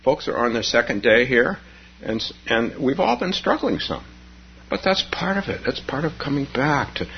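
At a retreat, a meditation teacher gives a dharma talk, telling rambling stories and chuckling often. His voice is mid-range and husky. The lo-fi recording sounds dull.

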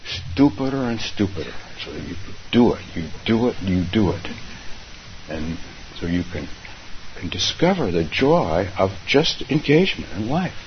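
A man's voice: deep voice, big pitch swings, a little slow. A man giving a dharma talk as a meditation teacher, speaking unhurriedly and repeating his phrases. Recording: dull recording with faint hiss.

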